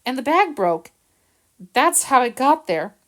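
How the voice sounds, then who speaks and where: A woman's voice: high voice, very animated, measured pace, voice pushed up. A woman reading aloud and voicing Jill, a distressed young woman who works at a kennel. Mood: upset. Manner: tearful, distressed. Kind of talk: audiobook reading.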